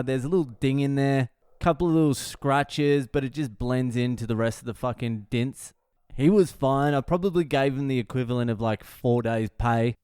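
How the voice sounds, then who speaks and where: A middle-aged Australian man hosts a podcast, casually telling a story with lots of swearing and laughing at himself. His voice is fairly high, clear and resonant. The recording is dry and studio quality.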